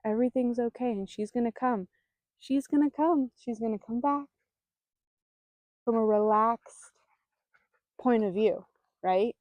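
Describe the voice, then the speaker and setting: A woman who hosts a spiritual vlog, speaking outdoors in a calm, soothing way with bursts of mock panic. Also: fairly high pitch, a little slow, pauses often, no room sound. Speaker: spiritual guide and channeler. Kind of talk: casual spiritual talk to camera.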